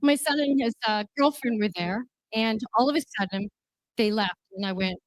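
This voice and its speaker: Brief: high, dry-sounding woman, councillor giving an emphatic storytelling speech. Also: moderate pace, dry recording, rough recording. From Canada. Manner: emphatic, repeats key lines. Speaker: city councillor speaking at a political gala. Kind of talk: animated personal storytelling speech.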